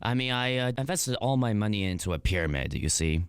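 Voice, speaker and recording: A young man voicing a bumbling, confidently wrong anthropology student in an improvised comedy bit, putting on a deliberately poor Upper Peninsula Michigan accent and rambling through made-up facts with lots of fillers. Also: fairly low pitch, very animated, smooth, no room sound. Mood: deadpan bluffing. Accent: put-on Upper Peninsula Michigan accent, badly done. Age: young adult. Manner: rambling, self-assured, bluffing nonsense with many fillers. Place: studio.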